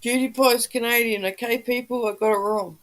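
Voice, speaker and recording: A woman's voice: a little high, fairly even intonation, brisk, rough recording. A woman hosting a casual livestream, chatting with viewers and reading the chat, swearing freely as she talks. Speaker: livestream host.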